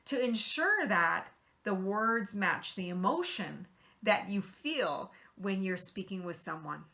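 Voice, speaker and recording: A middle-aged woman hosts a motivational talk, earnestly coaching her audience with practical tips and rhetorical questions. Her voice is bright and clear at a medium pitch. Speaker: host.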